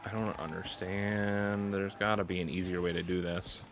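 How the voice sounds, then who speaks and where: Over background noise, a man speaks at a moderate pace in a low voice with little pitch movement. He's a gaming streamer, sweaty from the heat, who mutters to himself, curses, and mocks his own play in frustrated, self-deprecating live commentary.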